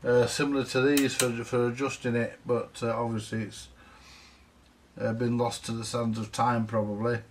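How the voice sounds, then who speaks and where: A man's voice: medium pitch, level tone, moderate pace, far from the mic, a little hiss or hum. A man chatting casually about a repair job, rambling with lots of fillers and the odd swear word. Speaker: vintage audio repair vlogger. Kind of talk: casual workshop talk to camera.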